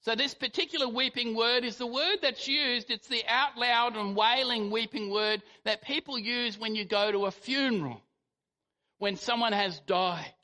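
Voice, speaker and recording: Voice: mid-range voice, sharp tone. A preacher giving a sermon, telling the story animatedly and acting out quotes. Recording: long hall reverb.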